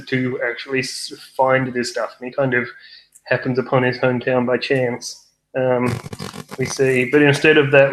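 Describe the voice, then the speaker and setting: A man's voice: mid-range voice, a bit bright. A young man with a mid-range voice, co-hosting a film review chat and rambling through his points with dry wit and plenty of restarts. A roomy echo trails his words. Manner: rambling, wry, many fillers and restarts. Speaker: film review podcast co-host. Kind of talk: casual chat.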